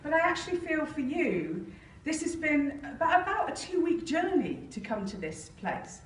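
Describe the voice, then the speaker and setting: Effusive female compère, high and lively voice, recorded from afar in a roomy hall. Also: moderate pace, a little hiss or hum. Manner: effusive, laughing, chatty. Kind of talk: live stage interview. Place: conference hall. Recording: roomy hall sound from a distance.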